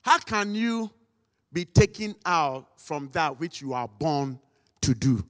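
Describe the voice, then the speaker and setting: A man preaching a sermon, dramatic and acting out quotes, sometimes rising to shouts. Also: fairly high pitch, expressive, slow. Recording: long hall reverb.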